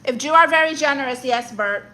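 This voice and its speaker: A woman's voice: sits high, fairly quick, pushed and bright, slight background noise. A woman live streaming comedy who rants and roasts her viewers in a brash, sassy, mock-insulting way, with Spanish exclamations thrown in.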